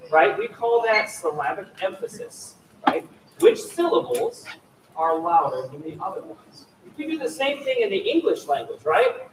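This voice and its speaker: A high-voiced male choir clinician coaches students in a lively, encouraging way, singing short phrases to model them. He sounds distant, picked up from across a large, very echoey hall. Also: a little hiss or hum. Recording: echoey hall, mic far off.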